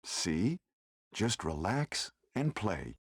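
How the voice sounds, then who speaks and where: Gravelly, calm soldier. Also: male voice, fairly low pitch, drawn-out words, no echo, studio quality, full character voice. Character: calm male special forces soldier.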